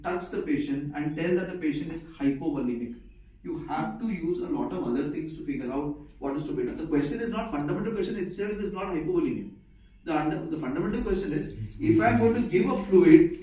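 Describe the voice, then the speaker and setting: A man's voice: sits high, a little mellow, a little hiss or hum. A man lecturing a live class, repeating key points and checking whether his listeners follow. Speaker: medical lecturer. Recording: echoey, distant, muffled room recording.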